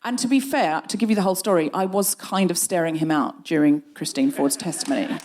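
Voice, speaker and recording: Animated woman telling a comic story. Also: brisk, background noise. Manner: animated, voice climbs high when indignant. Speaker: comedy podcast host.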